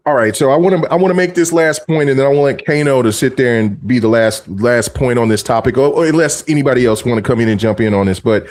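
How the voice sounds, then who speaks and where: A man's voice: medium pitch, fast, few pauses, a little mellow. A man hosting a casual gaming podcast, talking in long rambling stretches full of restarts and fillers. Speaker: podcast host.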